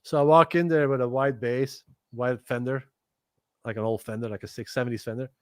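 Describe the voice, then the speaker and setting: A middle-aged man spins casual stories as a guest, with loose swearing and quick impressions of the people in them. His voice sits at an average pitch and sounds close and dry. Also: no room sound. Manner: animated, swears casually, acts out other people's lines. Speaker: guest musician. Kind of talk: casual storytelling chat.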